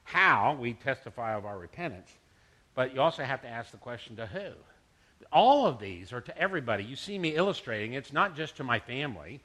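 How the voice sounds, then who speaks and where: A man's voice: medium pitch, sing-song, a little fast, pushed and bright. A middle-aged man, a pastor, preaching a conversational sermon and mixing scripture with personal stories.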